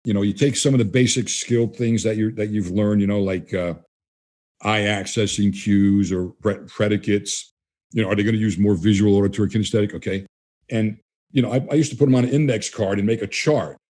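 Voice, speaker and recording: Older male interview guest, mellow and husky, a loose storyteller who plays out the dialogue he quotes. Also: fairly low pitch, fairly even intonation, a little fast. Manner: conversational, acts out quoted dialogue. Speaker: guest trainer.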